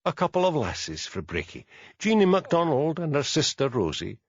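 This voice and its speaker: A man voicing a grizzled, dour old male butler in an audiobook, speaking gruffly and curtly. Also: on the high side, huge pitch swings, moderate pace, no echo, highs cut off, pitched above the performer's own voice, exaggerated voice.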